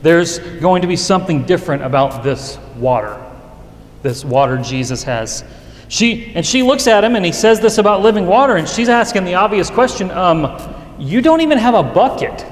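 A man's voice: sits high, expressive, normal speed. A man preaching a sermon in an earnest, conversational way, often restarting his sentences. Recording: echoey hall with long reverb.

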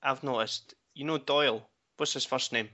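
A man's voice: mid-range voice, fairly even intonation, normal speed, bright, forceful tone. A man co-hosting a casual football podcast, dry and teasing. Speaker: podcast co-host. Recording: dull lo-fi audio.

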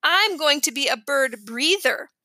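A woman's voice: very high-pitched, lively intonation, moderate pace, bright, forceful tone, dry recording, clean studio sound, pitched above the performer's own voice, exaggerated voice. A woman reading aloud, voicing a cheeky, stubborn, imaginative little boy in a storybook. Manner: playful, matter-of-fact, stubborn.

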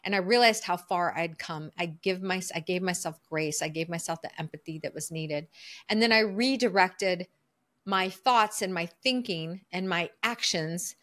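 A middle-aged woman, a coach, telling a personal story as a podcast guest in an earnest, lively way. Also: fairly low pitch, moderate pace. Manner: lively, earnest storyteller who acts out her own inner voice.

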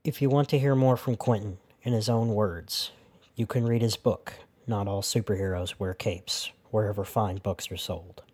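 A man hosting a podcast, reading his narration in a sincere, measured way. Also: fairly low pitch, fairly even intonation, darkish tone, breathy edge. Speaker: podcast host.

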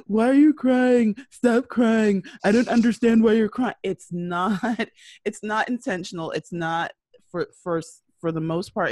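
A woman hosting an interview, chatty and animated, acting out quotes as she talks. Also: on the low side, dry recording, clean studio sound. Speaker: host. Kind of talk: casual interview talk.

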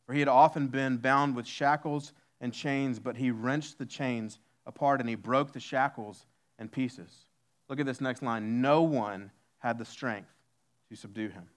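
A male pastor preaching a sermon, reading scripture aloud and slowing down to stress key lines. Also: mid-range voice. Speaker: lead pastor.

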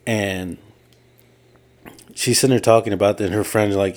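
A man's voice: fairly low pitch, steady tone, moderate pace. A man co-hosting a casual podcast, retelling a story at length and quoting people in his own voice. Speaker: podcast co-host. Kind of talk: casual chat.

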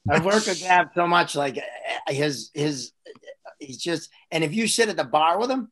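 A comedian, telling stories in casual chat with frequent restarts. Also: male voice, on the high side, normal speed. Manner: rambling, animated storyteller with restarts. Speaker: comedian host.

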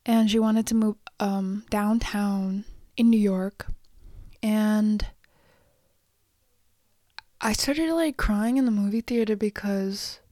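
A woman's voice: mid-range voice, slow, pauses often, mellow, no echo. Teen girl vlogger, rambling and chatty, slips into whispers, dry close sound. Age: teens. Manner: rambling, many fillers, whispery asides. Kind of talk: casual personal storytelling.

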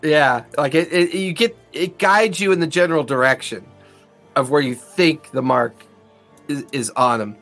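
A man's voice: a little high, moderate pace, a bit bright, faint music behind. A man narrating a tabletop game as game master, rambling with many ums and likes.

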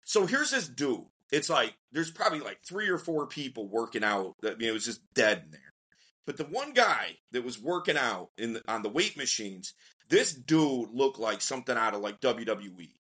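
A man, a dating coach on a podcast, telling a story in a casual, slangy way and acting out the quotes with lively energy. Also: medium pitch, normal speed, husky. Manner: animated, slangy storyteller who acts out quotes.

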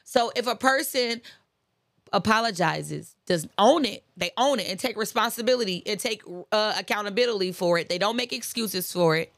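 A woman talks casually about forgiveness, in a chatty, emphatic, preaching way, and hammers her points home by repeating them. Her mid-pitched voice has a gravelly fry. The sound is close and dry. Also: animated, normal speed, fairly bright tone, no room sound. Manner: chatty and emphatic, preaching asides, laughs often. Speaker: host. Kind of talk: casual faith-based talk on forgiveness.

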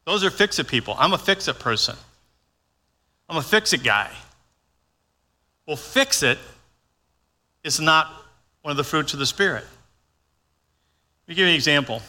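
An older pastor delivers a sermon in a folksy, conversational style, acting out his own lines as he goes. His voice is fairly high, expressive, pushed and bright, and he speaks unhurriedly with frequent pauses. A long hall reverb colors the recording.

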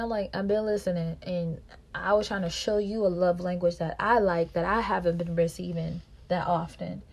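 A woman podcast host, telling a personal story in a monologue and acting out quarrels in a louder, higher voice. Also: fairly even intonation, moderate pace, gravelly. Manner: reenacts quarrels with raised pitch and volume.

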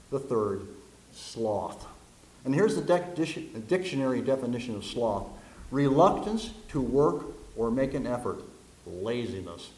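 A man's voice: medium pitch, a little mellow, slight background noise. A man preaching a sermon, telling jokes and stories and acting out the voices in them. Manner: folksy storyteller, acts out voices in jokes. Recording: echoey room.

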